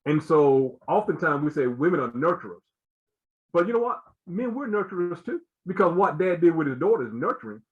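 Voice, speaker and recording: An earnest man explains his point as a guest on a talk show. His voice sits a bit high, he circles back with repeated words and "you know", and the audio sounds dull and lo-fi. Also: sing-song, fairly quick. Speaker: guest speaker.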